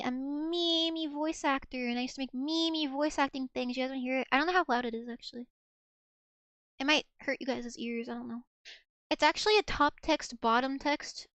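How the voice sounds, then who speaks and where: A woman's voice: high voice, fairly bright tone, no echo. A woman VTuber streamer in casual livestream chat, rambling along with lots of fillers and restarts.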